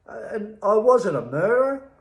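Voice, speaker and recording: A middle-aged Australian man recounting his own past in a slow, emphatic, bitter way, pausing often. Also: high-pitched, big pitch swings, vocal fry, echoey room, poor audio. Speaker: interviewee telling his life story. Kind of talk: personal testimony.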